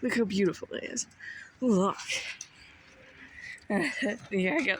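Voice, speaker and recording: Slow-talking playful woman vlogging outdoors. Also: mid-range voice, slightly rough, rough recording. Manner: playful, chatty, exclaims at what she sees. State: slightly out of breath. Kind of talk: casual walking vlog. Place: outdoors on a nature trail. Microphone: handheld phone.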